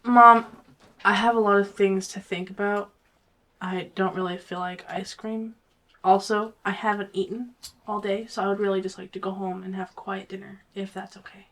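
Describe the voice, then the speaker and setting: A woman voicing a withdrawn teenage girl who speaks in a low, subdued, polite way. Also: level tone, moderate pace, fairly bright tone, close to an everyday voice.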